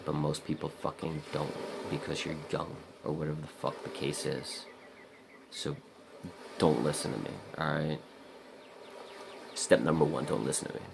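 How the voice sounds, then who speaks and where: A man with an extremely deep, gravelly voice rambles through a blunt, profane vlog monologue and talks straight to the viewer. Now and then he acts out his own inner voice. Outdoor noise with buzzing insects sits clearly behind him. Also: flat delivery, normal speed, pauses often. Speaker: vlogger.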